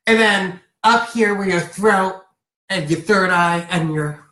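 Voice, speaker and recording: A woman's voice: mid-range voice, slow, echoey room. A woman giving a playful, giggly live-stream card reading. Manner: giggly, playful, animated delivery. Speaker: card reader.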